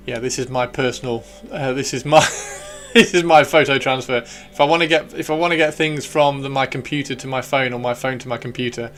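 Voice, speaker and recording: A man's voice: medium pitch, a bit bright. Rambling man chatting on a livestream. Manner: chatty, rambling, with many fillers and restarts. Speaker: livestreamer painting miniatures. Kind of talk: casual livestream chat.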